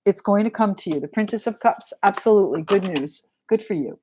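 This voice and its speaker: A woman's voice: mid-range voice, animated, a little fast, background noise. A middle-aged woman with a New England accent giving a live tarot reading in a chatty, frank and joking way. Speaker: tarot reader.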